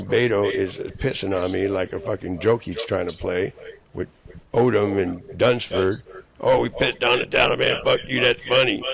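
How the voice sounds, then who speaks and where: A man's voice: low-pitched, gravelly. A man delivering a rambling, profane, angry monologue.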